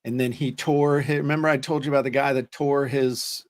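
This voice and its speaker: A man's voice: medium pitch, little pitch movement, a little fast. A man co-hosting a show, telling stories in a casual, joking chat. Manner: joking storyteller, self-deprecating. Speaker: co-host.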